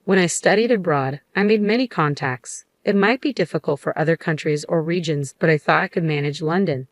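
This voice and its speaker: A woman narrating a first-person story in an even, matter-of-fact scripted reading. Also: low voice, a little fast, no room sound.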